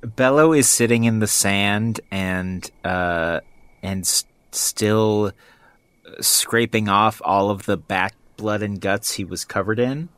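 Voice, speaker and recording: Brief: male player, low voice, slow relaxed delivery, dry sound. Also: smooth, dry recording. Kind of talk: tabletop role-play.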